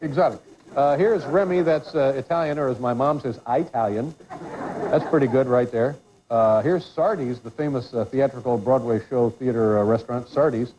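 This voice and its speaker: A man's voice: mid-range voice, moderate pace, a little hiss or hum. A man hosting a quiz segment on a talk show, teasing his contestant in rambling, joking banter. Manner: teasing, rambling, with many restarts. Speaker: talk show host running a quiz bit. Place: TV studio with a live audience. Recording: muffled broadcast audio with loud crowd.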